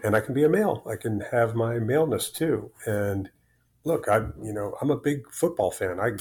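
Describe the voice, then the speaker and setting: A man's voice: lowish voice, moderate pace, a little mellow. A man in his sixties from Florida, a guest talking frankly and with self-deprecating humor in an interview, often repeating words as he starts sentences. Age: 60s. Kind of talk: candid interview conversation.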